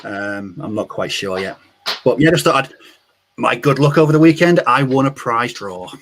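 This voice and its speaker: A man chatting on a podcast, unhurried and trailing off at the ends of sentences. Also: mid-range voice, animated, fairly bright tone, a little hiss or hum. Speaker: podcast co-host. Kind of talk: casual chat.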